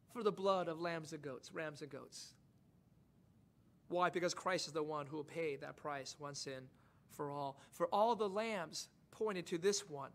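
Male pastor, high bright voice, impassioned sermon delivery with soft asides and swelling emphasis. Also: normal speed.

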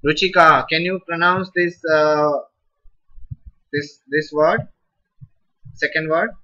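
A man's voice: a little high, fairly even intonation, takes it slowly, bright, forceful tone. A man with an Indian English accent teaching Sanskrit in a live online class, patient and encouraging, praising students as they read words aloud. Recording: dull lo-fi recording.

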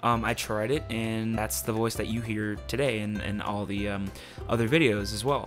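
A man's voice: fairly low pitch, fairly bright tone. A young man hosting a casual voice tutorial, rambling with many ums and uhs. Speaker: voice tutorial youtuber.

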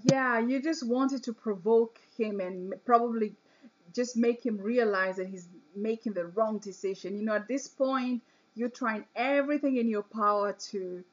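A woman's voice: a little high, dull audio. A woman hosting an interview who backs up her guest in long, affirming stretches. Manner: supportive, affirming, talks in long reassuring runs. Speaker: host. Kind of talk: interview chat.

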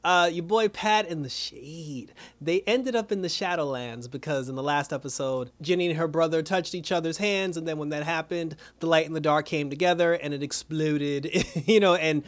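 A man giving a casual, rambling recap of a TV episode, full of fillers and quick laughs. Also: fairly high pitch. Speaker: TV episode reviewer.

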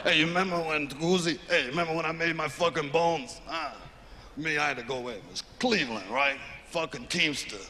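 A man's voice: high-pitched, unhurried, gravelly, bright, forceful tone, long reverb tail, slight background noise, heavily acted. A man doing a boisterous Italian-American mobster boss in a stand-up bit.

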